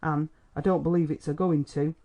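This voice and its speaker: A man putting on a sour, grumbling village hypochondriac in a storybook, acid and self-pitying, with rustic speech. The voice stays mellow and warm. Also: on the high side, fairly even intonation, normal speed, close to an everyday voice. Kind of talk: audiobook character reading.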